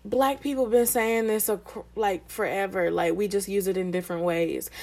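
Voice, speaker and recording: A young woman from the American South with a Southern accent, co-hosting a casual podcast and chiming in with quick, agreeable reactions. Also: mid-range voice, fairly even intonation, darkish tone. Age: young adult. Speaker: podcast co-host, college student. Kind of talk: casual chat.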